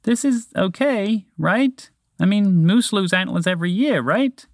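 Guy doing a sweet little mouse, high voice, calm and encouraging, storybook. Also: unhurried, no echo, clean studio sound. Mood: reassuring. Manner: gentle, encouraging. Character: small kind male mouse.

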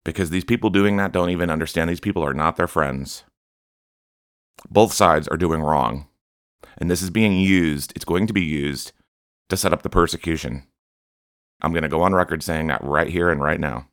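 Fervent low-voiced man preaching urgently. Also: normal speed, a bit bright, dry recording, clean studio sound. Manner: fervent, admonishing, openly angry. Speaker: podcast host. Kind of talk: impassioned preaching monologue.

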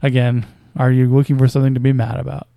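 A man's voice: mid-range voice, little pitch movement, fast talker, creaky, dark tone, no echo. A man casually commenting on basketball news as a podcast host, with a hesitant, wry delivery full of fillers and small chuckles.

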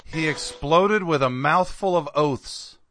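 A man's voice: on the high side, slow, a bit bright, slight background noise. A man co-hosting a casual podcast, joking and teasing, laughing easily. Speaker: co-host.

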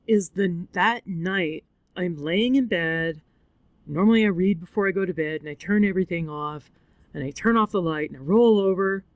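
A woman hosts her podcast and recaps a movie in a slow, unhurried way. She is openly tearful and candid, and she swears freely. The sound is dry and close, with no room echo. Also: fairly low pitch. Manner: candid and expressive, swears freely, acts out voices. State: tearful, crying. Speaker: podcast host. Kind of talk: casual storytelling, movie recap.

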